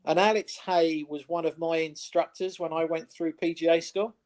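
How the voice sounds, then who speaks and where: A man co-hosting a sports chat show, telling anecdotes in a lively, casual way. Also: fairly high pitch, normal speed. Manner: animated anecdote-telling, mimics voices in quotes. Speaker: co-host. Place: studio.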